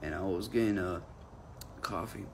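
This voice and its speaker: A man's voice: deep voice, moderate pace, vocal fry, a little hiss or hum. Profane man telling a comic story. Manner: profane, animated, acts out quoted voices.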